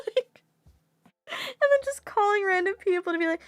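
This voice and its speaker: High-voiced laughing young woman streamer. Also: moderate pace, pauses often, dry recording, studio quality. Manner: animated, laughs often, swears. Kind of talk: casual chat.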